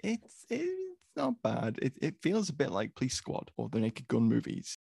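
A man's voice: medium pitch, wildly swooping pitch, normal speed, vocal fry, mellow, husky, dry recording, clean studio sound. A man co-hosting a podcast, who picks apart a film's plot in a wry, critical way and swears casually. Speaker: podcast co-host. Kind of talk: casual film review chat.

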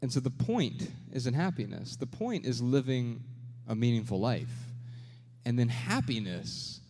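A man's voice: medium pitch, lively intonation, measured pace, dark tone. A man co-hosting a live podcast show, telling his story in an earnest, reflective way before an audience. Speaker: podcast co-host. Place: large venue with a live crowd. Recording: reverberant live venue.

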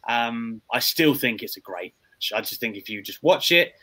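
A man's voice: medium pitch, expressive, moderate pace, pushed and bright. A man hosting a casual wrestling podcast, chatting in a rambling way with frequent restarts. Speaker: podcast host.

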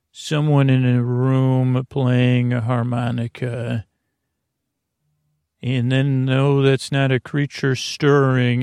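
Slow, creaky-voiced man storyteller. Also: medium pitch, dark tone, dry recording, clean studio sound. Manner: slow, meandering, hesitant. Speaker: storyteller host. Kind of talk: sleepy bedtime storytelling.

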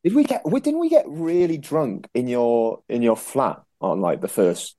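Relaxed wry man co-hosting. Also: mid-range voice, normal speed. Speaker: podcast co-host. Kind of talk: casual chat.

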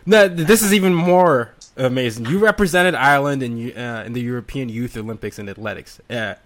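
A man from Nigeria hosting an interview, enthusiastic and quick to laugh and exclaim. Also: mid-range voice. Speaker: host. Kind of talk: casual interview chat.

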